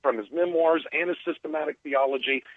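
A man calling into a radio show, making a measured theological argument and reading out quotes. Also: on the high side, no echo. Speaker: caller. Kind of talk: theological argument over the phone. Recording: tinny phone line.

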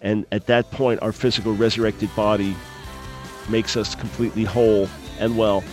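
A man hosting a call-in radio show, answering Bible questions in a measured, explanatory way. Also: fairly low pitch, level tone, darkish tone, soft background music. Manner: measured, explanatory, thoughtful pauses. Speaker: radio talk show host.

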